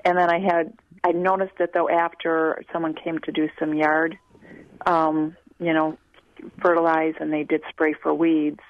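A woman's voice: deep voice, flat delivery, unhurried. A woman from Wisconsin calling a radio show, polite and detailed, rambling a little. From Wisconsin, USA. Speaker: caller. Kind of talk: phone-in question. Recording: muffled phone-in audio on radio.

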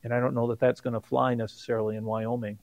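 A middle-aged man speaks as a political science professor on a radio talk show, weighing his points and thinking aloud. His voice has a gravelly edge, and the sound is dry and close. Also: mid-range voice, flat delivery, darkish tone, dry recording. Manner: measured, thinking aloud with restarts. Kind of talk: radio interview commentary.

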